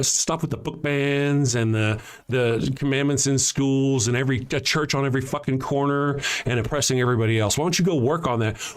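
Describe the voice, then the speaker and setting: A man hosting a livestream, ranting back at commenters in a profane, sarcastic, confrontational way, often restarting his sentences. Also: medium pitch. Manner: frequent restarts and trailing sentences. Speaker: livestream show host. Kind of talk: heated livestream commentary reading chat.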